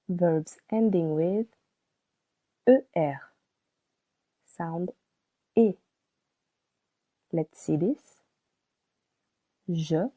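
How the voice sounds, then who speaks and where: Lady teacher doing a slow vocab drill, says every word twice, kinda raspy, sounds thin like over a phone. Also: on the low side, mellow, dry recording. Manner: slow, deliberate, repeats each word for learners. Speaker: French teacher. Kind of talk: scripted language lesson. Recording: dry, tinny phone-like sound.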